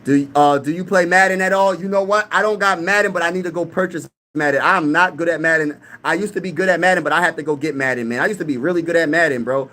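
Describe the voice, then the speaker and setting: A man's voice: fairly high pitch, fast, hardly any pauses, bright, forceful tone. A young man from Pennsylvania hosting a casual live-stream sports talk, hyped and trash-talking while reading the chat aloud. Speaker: sports channel host.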